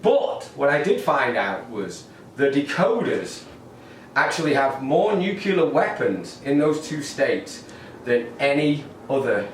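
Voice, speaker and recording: Wry English comedian in an echoey room. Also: male voice, on the high side, fairly bright tone, a little hiss or hum. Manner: wry, rambling observational delivery. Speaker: stand-up comedian. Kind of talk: stand-up comedy set. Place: living room at home. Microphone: camera mic set far off. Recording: echoey room, distant mic.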